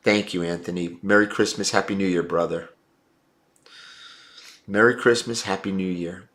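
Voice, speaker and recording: A man's voice: sits low, fairly even intonation, normal speed, a bit bright. A man hosting a livestream, reading viewer comments and giving blunt, opinionated takes. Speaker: livestream host.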